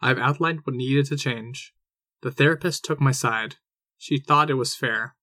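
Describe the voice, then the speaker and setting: A man reading aloud, voicing a tired father who speaks calmly and firmly. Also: mid-range voice, a little slow, dry recording, clean studio sound. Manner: calm, level, tired. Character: weary adult man, calm and firm.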